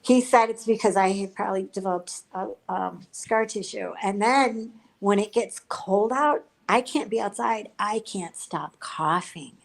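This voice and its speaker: Animated storytelling woman. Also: measured pace, vocal fry, few pauses. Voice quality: voice gone lower than it used to be. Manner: animated storyteller, quotes others, laughs often. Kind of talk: casual chat on a livestream.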